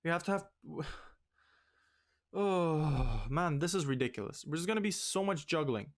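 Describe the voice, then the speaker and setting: Young man, let's play host, ranting, exasperated, fairly high voice. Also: lively intonation, a little slow. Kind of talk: ranting game commentary.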